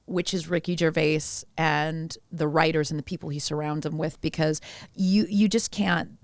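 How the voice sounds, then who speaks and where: A woman co-hosting a casual podcast, talking in an animated, gushing way with some playful swearing. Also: low-pitched, normal speed, no room sound. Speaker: co-host.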